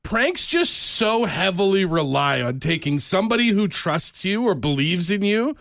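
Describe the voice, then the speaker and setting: Guy cohosting a podcast, kinda high voice, acts out quotes, dry mic. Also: moderate pace, creaky, dry recording. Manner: animated storytelling, acts out quotes. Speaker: podcast co-host. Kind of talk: casual chat.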